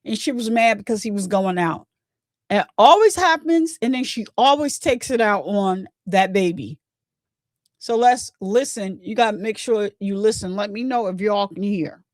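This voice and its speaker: A woman's voice: mid-range voice, lively intonation, normal speed, no room sound. A woman hosting a casual commentary livestream, chatting along and bleeping her own swear words.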